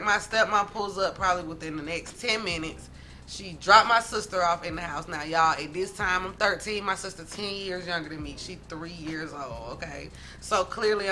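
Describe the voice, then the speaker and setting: A woman vlogger telling a story from her teens in a casual, animated way, talking straight to her viewers. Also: lowish voice. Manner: animated, dramatic, talks straight to viewers as "y'all".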